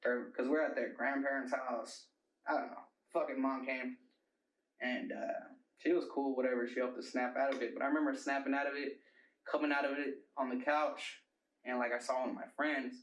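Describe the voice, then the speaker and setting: A man's voice: medium pitch, distant mic. A young man, a rapper, telling a long wild story in a casual interview, rambling and cursing with plenty of "like" and "bro". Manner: profane, rambling storyteller, bro-talk fillers. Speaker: rapper and producer guest. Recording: roomy, mic set back.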